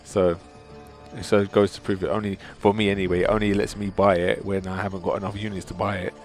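A man hosting a gaming channel, commenting on opening game crystals, excitable and exasperated, pleading with the game and calling his viewers dudes. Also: deep voice, fast talker, faint music behind. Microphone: desktop mic.

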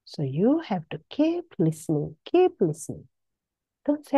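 A woman's voice: medium pitch, huge pitch swings, measured pace, slightly rough, no room sound, dull audio. A woman preaching a sermon, exhorting with emphatic repetition and sudden rises in her voice.

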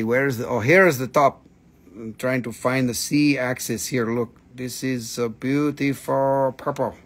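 With a fairly high, slightly bright voice, a man runs a live sales stream for minerals. He jokes, acts goofy, and swears a lot as he chats playfully.

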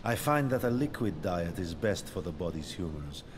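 A man's voice: low-pitched, very animated, normal speed, a little hiss or hum. An actor playing a formal, genteel male doctor in a horror video game. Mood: courteous. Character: prim old-fashioned male doctor, mannered and evasive.

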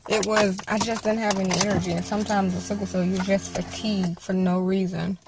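A woman vlogs from inside her car on a handheld camera and rambles through her day in easy, self-deprecating chat. Her pitch sits right in the middle, and clear car and road noise runs under her voice. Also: little pitch movement, brisk. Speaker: vlogger. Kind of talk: casual vlog chat. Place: inside a car while driving. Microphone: handheld camera or phone.

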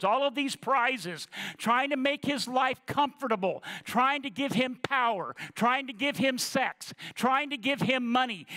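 A man preaching a sermon as pastor, conversational and then slow and emphatic on key lines. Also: high-pitched, bright, forceful tone. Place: church sanctuary. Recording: long reverb of a church hall.

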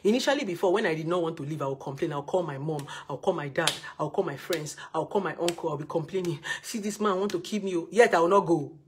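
A woman's voice: low voice, fast, few pauses, noisy background. A woman with a Nigerian accent giving blunt, scolding relationship advice in a live video session.

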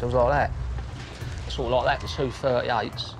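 A man's voice: mid-range voice, music in the background. A man bluntly recounting his own story in casual talk, swearing often and acting out what people said. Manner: blunt, swearing, acts out scenes with quick quoted voices. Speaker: interviewee recounting his crimes.

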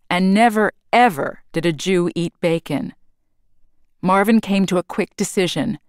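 A woman reads a children's storybook aloud slowly and carefully, her voice lowish and very clear. The sound is dry and close to the mic, with nothing behind it. She reads for a class. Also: no room sound. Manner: slow, careful read-aloud. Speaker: teacher.

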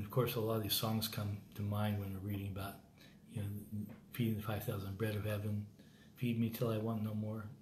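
An American man with a fairly low, slightly mellow voice hosts a Bible reading program. His commentary is informal, earnest and rambling, often breaking off mid-thought and starting again. The room is echoey, with faint noise in the background.

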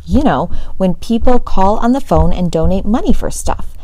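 A woman's voice: mid-range voice, expressive, moderate pace, mellow, dry recording, close to an everyday voice. A woman reading the lines of an eager, showy boy who wants to be a magician in a storybook.

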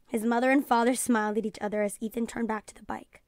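A woman teacher reading a children's storybook aloud in a calm storytelling voice, announcing page numbers. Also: a little high, quick pace, no room sound, studio quality. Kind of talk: children's read-aloud narration.

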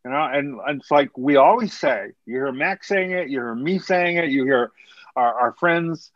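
A man's voice: medium pitch, expressive, normal speed, no echo, dull audio. A man co-hosting a casual podcast, talking earnestly and a little preachily about his trade, rambling with restarts and the odd laugh. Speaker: podcast co-host, hair color educator.

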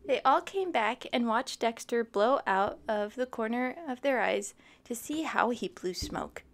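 A woman's voice: fairly high pitch, expressive, a little slow. A young woman reading a children's book aloud, chatting with her listeners between pages. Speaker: storytime reader.

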